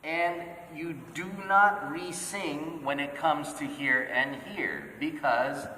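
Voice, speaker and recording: Slow-talking man teaching in an echoey hall. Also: medium pitch, bright, forceful tone. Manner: patient, counting beats aloud, checking in with "okay?". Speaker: music teacher. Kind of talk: teaching a note-reading class. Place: church hall. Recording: echoey church hall from far off.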